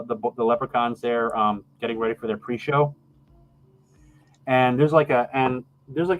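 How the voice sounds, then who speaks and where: A man's voice: mid-range voice, slight background noise, poor audio. A man narrating a tabletop game as game master, rambling and restarting his sentences often. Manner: rambling, halting with many restarts.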